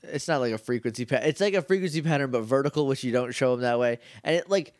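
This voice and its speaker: A man's voice: mid-range voice, fast talker, dry recording, studio quality. A man co-hosting a podcast, casually recapping a TV episode and acting out the characters' lines with jokes. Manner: animated, jokey, acts out characters' lines. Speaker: podcast co-host. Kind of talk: casual chat recapping a show.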